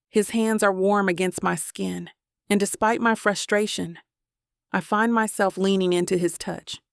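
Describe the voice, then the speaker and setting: A woman reads a first-person romance audiobook in an intimate, even way. Her voice has a gravelly texture at a middle pitch. The sound is dry and close. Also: measured pace, no room sound. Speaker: audiobook narrator.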